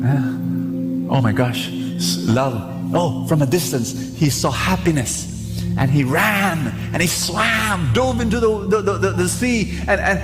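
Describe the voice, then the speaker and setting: A man's voice: high-pitched, measured pace. A man preaching a sermon at mass, telling a parable with frequent restarts. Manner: storytelling, repetitive restarts. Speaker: priest. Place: large church. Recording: echoey basilica, loud music.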